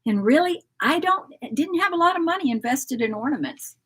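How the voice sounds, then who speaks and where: A woman's voice: sits high, expressive, a little fast, a bit bright. A woman co-hosting a casual live chat about decorating, chatty and encouraging, losing her voice a little.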